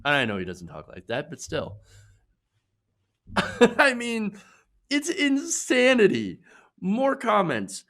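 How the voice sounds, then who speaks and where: Male political commentator from Michigan, lively pitch, sarcastic and laughing. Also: slow, pauses often. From Michigan, USA.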